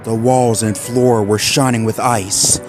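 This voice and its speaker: A man reading a horror fan story aloud in a measured, ominous way. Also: lowish voice, fairly even intonation. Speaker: narrator. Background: faint background music.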